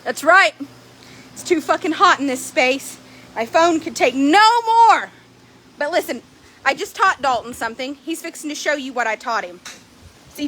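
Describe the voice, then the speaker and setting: Woman horse trader, high voice, brash and profane, phone recording outdoors with faint noise behind. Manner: blunt, swearing, lively storytelling. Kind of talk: casual vlog chat.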